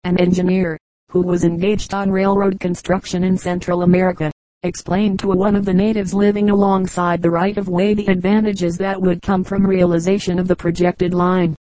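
A woman reading aloud a book of short jokes as an audiobook narrator, in a steady, even way. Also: lowish voice, normal speed, dry recording, low-quality recording. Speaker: audiobook reader. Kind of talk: scripted narration of a joke book.

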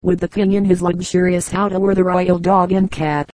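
A woman reading fables aloud as an audiobook narrator, in a calm, measured way. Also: on the low side, dry recording, poor audio. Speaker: audiobook reader. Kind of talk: storybook narration.

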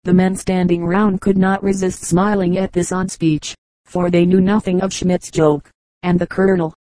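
A woman reading a children's book aloud in an even, measured way. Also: on the low side, dry recording, low-quality recording. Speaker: audiobook reader. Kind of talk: scripted narration.

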